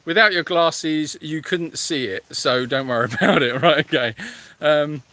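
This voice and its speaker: A man's voice: mid-range voice, normal speed, sharp tone, no echo. A man hosting a sanctuary livestream, reading viewer comments aloud in a hesitant, self-mocking way with lots of fillers. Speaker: animal sanctuary host.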